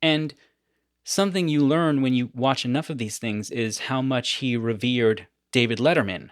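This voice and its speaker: A man hosting a podcast in casual chat, telling stories with animated energy and frequent laughter. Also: mid-range voice, moderate pace, dry recording, clean studio sound. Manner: animated storyteller, laughs often. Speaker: podcast host.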